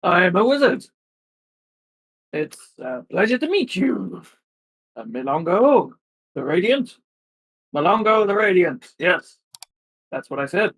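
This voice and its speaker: A man's voice: sits high, very animated, slow pace, long pauses, fairly bright tone, heavily acted, rough recording. A man voicing a short, polite wizard who stammers and hesitates. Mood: awkward formal.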